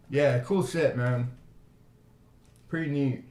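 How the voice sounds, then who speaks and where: A man's voice: on the low side, normal speed, a little mellow. A man hosting a live coin auction, chatting casually and rambling into stories between bids. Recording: echoey room.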